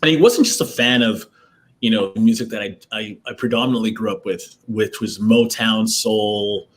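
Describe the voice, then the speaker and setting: A man's voice: fairly low pitch, moderate pace. A man talking as an actor guest in a casual interview, telling rambling stories and laughing often, over a video call. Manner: rambling, chatty storytelling with frequent laughs.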